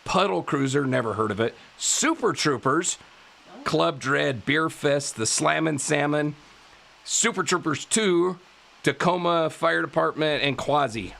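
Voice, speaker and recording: A male podcast host telling a true-crime story in a casual way, animated, laughing often and tripping over his words. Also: a little high, unhurried, creaky. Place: live podcast studio.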